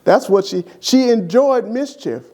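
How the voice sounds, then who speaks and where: A man's voice: sits high, measured pace. An older man, a church deacon, telling humorous, affectionate stories about his late wife to an interviewer. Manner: lively, animated anecdote telling to an interviewer. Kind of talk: humorous memorial storytelling.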